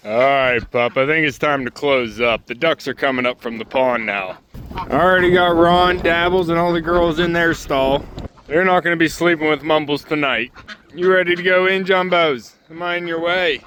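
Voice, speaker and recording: A man's voice: a little high, normal speed, a bit bright, slight background noise. A man who hosts a homestead channel, talking casually while coaxing and calling his ducks and dog outdoors on a farm. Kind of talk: casual vlog narration.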